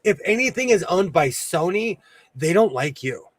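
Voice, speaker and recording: A man's voice: high-pitched, very animated, moderate pace, dry recording. A man hosting a sewing livestream in casual chat, playful, breaking into bits of song and laughter.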